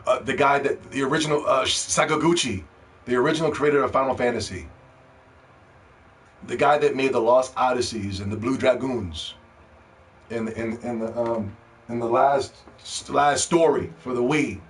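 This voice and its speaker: A man hosting a gaming podcast, ranting and pleading, dropping to hushed begging and then rising to shouts. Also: medium pitch, moderate pace, a little hiss or hum. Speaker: podcast host.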